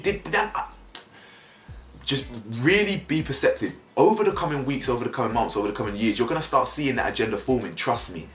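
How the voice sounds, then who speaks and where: A young man with giving opinionated vlog commentary, getting worked up so his voice leaps high when he is indignant. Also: lively intonation, brisk, fairly bright tone. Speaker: YouTube commentator. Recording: roomy echo, faint music behind.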